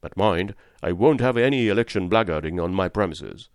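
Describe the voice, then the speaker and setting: A man voicing a principled cab driver and father in a storybook reading, speaking firmly and gravely. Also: sits low, animated, fairly quick, dry recording, clean studio sound. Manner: firm, moralizing.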